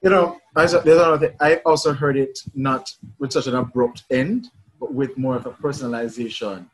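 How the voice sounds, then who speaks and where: Husky, hesitant male student. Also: mid-range voice, fairly even intonation, fairly quick, rough recording. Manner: hesitant, tentative. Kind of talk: asking questions in a class.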